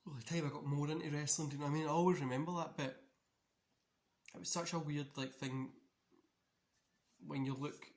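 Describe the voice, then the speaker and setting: A man's voice: fairly high pitch, fairly even intonation, brisk, long pauses. Rambling man, echoey room. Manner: loose, rambling chat. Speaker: wrestling channel host. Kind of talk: casual watch-along commentary.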